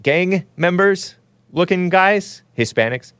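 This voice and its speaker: Male streamer host, mid pitch, loose chatty rambling with frequent laughs, dry close sound. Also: lively intonation, measured pace, long pauses, no room sound. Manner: rambling, laughs often, reads chat comments aloud. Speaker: show host. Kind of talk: casual live-stream commentary.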